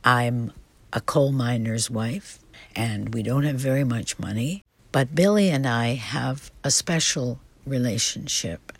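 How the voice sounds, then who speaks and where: Slow-speaking woman. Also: extremely low pitch, slightly rough, no echo. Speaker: stage actor. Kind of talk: scripted self-description.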